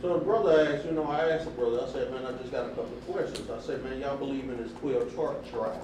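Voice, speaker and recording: Talking fast in a mid-range voice, a man from a church group animatedly retells a scripture argument to the group, voicing each side and bursting out emphatically. The mic sits far away in an echoey room, with faint noise audible.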